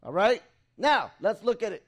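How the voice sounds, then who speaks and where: A man whose voice sits high delivers an excitable sermon in a church sanctuary, stopping for a live interpreter and calling out to the congregation.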